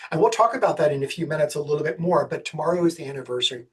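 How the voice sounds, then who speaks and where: A man from the States, giving a webinar presentation on special education law in a fast, energetic way with jokey asides. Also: a little high, breathy edge. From Southern United States.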